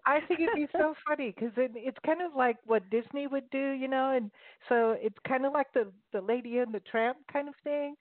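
A woman's voice: sits high, normal speed, few pauses, no room sound. Playful woman co-host on a phone line. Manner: playful, enthusiastic suggestions. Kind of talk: casual interview chat. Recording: phone-like remote call audio.

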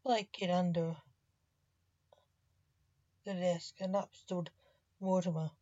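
Lady reading a short story, slow and mellow, dry kinda dull audio. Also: on the low side, steady tone, dry recording. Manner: measured, unhurried reading. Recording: slightly dull dry recording.

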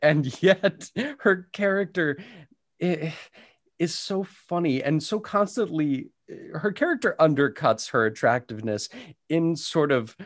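Laughing, animated male podcast co-host. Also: fairly high pitch, measured pace, dry recording, clean studio sound. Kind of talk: casual chat.

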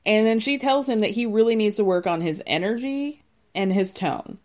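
A woman with a medium-pitched, darkish voice hosts a podcast at normal speed, speaking into a close mic. She recaps a reality show in casual commentary that is blunt, sarcastic and mocking, peppered with the filler "like."

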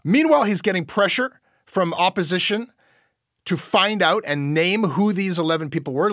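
A man hosts an opinionated news commentary, animated and incredulous, with casual swearing. His voice sits a little high and sounds dry and close to the mic. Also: normal speed, no echo. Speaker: podcast host.

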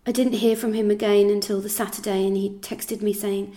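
A woman reading out a statement in a flat, steady recounting manner. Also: medium pitch, fairly quick, soft background music.

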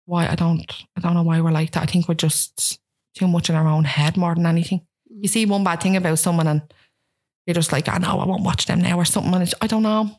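A woman's voice: on the low side, quick pace. Chatty woman around thirty. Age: about 30. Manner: animated, acts out quoted voices. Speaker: guest. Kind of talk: casual chat.

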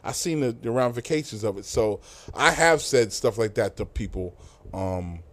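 A man's voice: fairly low pitch, expressive, normal speed. A middle-aged man, telling loose, profane stories as a guest in a casual interview, with many fillers and restarts. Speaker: music industry guest.

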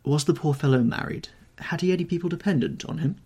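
A man's voice: a little high, fast, gravelly, darkish tone, husky, voice pushed up. A man voicing an anxious, haughty young aristocrat in an audiobook reading, rising to urgent alarm. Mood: languid.

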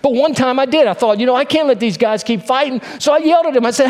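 A male pastor delivers an earnest sermon at a fast clip. He repeats key phrases for emphasis and sinks into a hushed, low tone on the solemn points.

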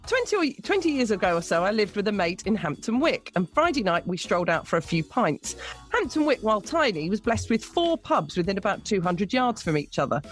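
A woman co-hosting a radio show, reading a listener's story aloud with lively, amused storytelling. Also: mid-range voice. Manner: lively, amused storytelling, laughing between lines. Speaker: radio co-host.

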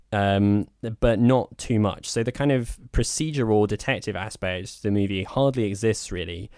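A man's voice: fairly low pitch, darkish tone, no echo, studio quality. A man co-hosting a podcast, giving a frank, opinionated film review in a loose, chatty way. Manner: opinionated, talks in loose spoken asides. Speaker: podcast co-host. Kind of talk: casual film review chat.

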